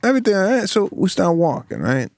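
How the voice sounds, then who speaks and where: A man co-hosting a podcast, telling a story in a lively, animated way and slipping into the voices of the people in it. His voice sits fairly high and swings widely in pitch. The sound is dry and close to the mic. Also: fast talker, no room sound. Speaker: podcast co-host. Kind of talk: casual podcast chat.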